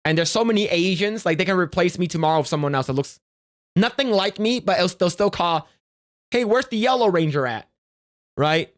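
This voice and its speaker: A man's voice: sits high, a little fast, no echo, clean studio sound. Offhand stammering male streamer. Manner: stammering restarts, offhand joking. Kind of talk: casual livestream chat reading donations.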